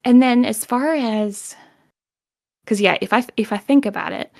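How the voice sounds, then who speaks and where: A woman's voice: a little high, a little slow, vocal fry, no echo, clean studio sound. A woman voice actor chatting casually as a guest, explaining with examples and laughing easily. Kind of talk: casual chat.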